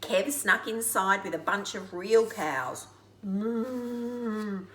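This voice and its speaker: An older woman reading a children's storybook aloud in a playful, lively way, with laughing asides. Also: mid-range voice, measured pace, a little hiss or hum. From Australia. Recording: echoey room.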